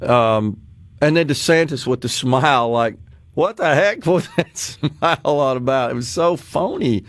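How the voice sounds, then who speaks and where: A man hosting a radio talk show, chatting casually with an animated manner and frequent laughs, in a studio. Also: medium pitch, a little slow, no room sound.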